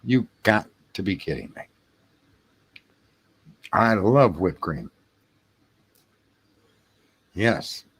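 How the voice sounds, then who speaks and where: A man's voice: low-pitched, big pitch swings, extremely slow, pauses often, breathy edge. A man hosting a late-night livestream, chatting casually and profanely with his viewers. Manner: rambling, profane, jokey banter with chat. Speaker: livestream host reading chat.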